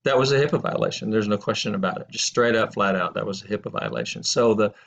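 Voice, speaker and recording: Gravelly middle-aged man, rambling lecture. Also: on the low side, fast talker, fairly bright tone. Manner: rambling, anecdotal, self-correcting. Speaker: instructor. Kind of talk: casual lecture video. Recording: dull lo-fi audio.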